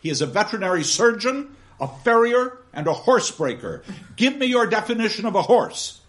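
Man doing a pompous fact-obsessed schoolmaster, stern, emphatic, hectoring, lively swinging pitch. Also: moderate pace. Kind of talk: dramatic reading of a novel.

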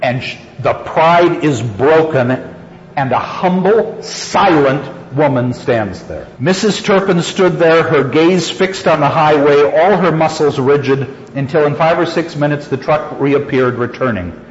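A man lecturing, reading a story aloud with slow, expressive delivery and stopping to comment on it. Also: a little high. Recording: lo-fi echoey hall.

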